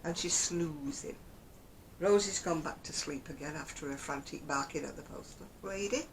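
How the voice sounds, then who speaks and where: A woman from Oldham, England, a crochet vlogger with a Northern English Lancashire accent, chats casually and ramblingly to camera, chuckling frequently. Her voice sits low at a normal speed, and the rough recording carries slight background noise.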